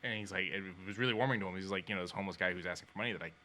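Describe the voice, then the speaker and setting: Bright-voiced man telling animated stories. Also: low voice, very fast, a little hiss or hum. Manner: animated storyteller, acts out quoted voices. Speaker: podcast co-host. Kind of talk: casual chat.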